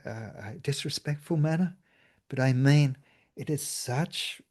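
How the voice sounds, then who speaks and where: A man's voice: medium pitch, darkish tone. A man, a meditation teacher giving a cheerful spiritual talk and laughing often.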